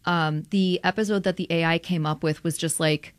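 Lively woman journalist, lower voice. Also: clear, resonant tone, dry recording. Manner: animated, quick, laughs often, many "like" fillers. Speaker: radio journalist guest. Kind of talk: conversational interview.

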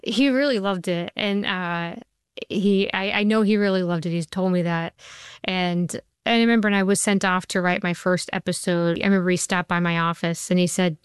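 A woman who writes and created a TV show, a guest in an interview who tells lively stories and acts out the voices of people she quotes. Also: fairly low pitch, normal speed, clear, resonant tone, dry recording, studio quality. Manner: animated storyteller acting out quoted voices. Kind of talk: interview, anecdotal storytelling.

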